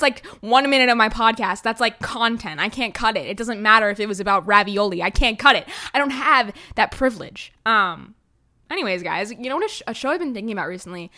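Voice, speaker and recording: Teenage girl, podcast host, bright voice, rambling, self-deprecating, casual solo chat. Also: mid-range voice. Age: teens.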